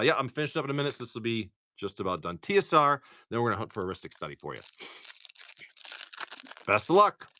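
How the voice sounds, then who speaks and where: A man with a Massachusetts accent hosting a live stream, opening card packs and rattling off each card in quick lists with joking asides. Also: fairly low pitch, sharp tone, no room sound. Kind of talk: casual live commentary.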